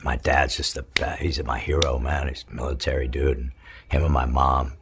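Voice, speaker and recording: A middle-aged man from California, telling his story in an interview, profane and halting with many restarts. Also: a bass voice, flat delivery, fairly bright tone, a little hiss or hum. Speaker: interview guest, former prisoner. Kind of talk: emotional storytelling.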